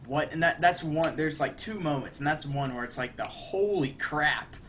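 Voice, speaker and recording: A young man co-hosting a podcast, casually retelling a cartoon episode in a rambling way, with lots of fillers and quick put-on lines for the characters. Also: a little high, slight background noise. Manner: rambling, acts out quoted lines with animated bursts. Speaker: podcast co-host.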